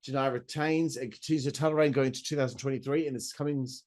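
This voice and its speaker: A man's voice: medium pitch, steady tone, fast talker, darkish tone. A man, hosting a podcast and recapping a wrestling show in a chatty, enthusiastic way, swearing and throwing in asides. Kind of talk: casual recap commentary.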